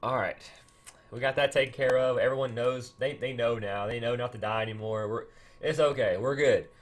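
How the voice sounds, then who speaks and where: A young man doing excited let's-play commentary, pleading with and scolding his game units. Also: mid-range voice, a little fast. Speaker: gaming channel host.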